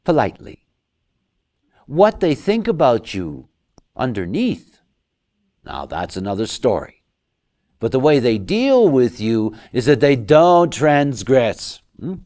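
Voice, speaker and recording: A man giving a lecture, talking in an animated way and acting out quoted voices. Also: mid-range voice, slow, long pauses. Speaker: lecturer on human design.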